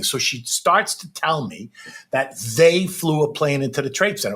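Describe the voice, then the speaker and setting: A middle-aged man telling a personal story as a podcast guest, animated and keeps checking in with "right?". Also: a little high, normal speed.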